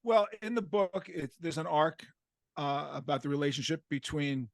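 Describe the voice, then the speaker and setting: A man's voice: a little high, expressive, moderate pace, vocal fry, no echo, studio quality. A man in his sixties hosting an interview, asking direct questions with open enthusiasm. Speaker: host. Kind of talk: casual interview conversation.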